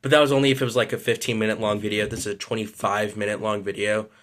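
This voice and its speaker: A man's voice: fairly low pitch, flat delivery, quick pace, fairly bright tone. A man ranting in a casual vlog, frustrated and rambling, swearing often and apologizing for it. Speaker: vlogger.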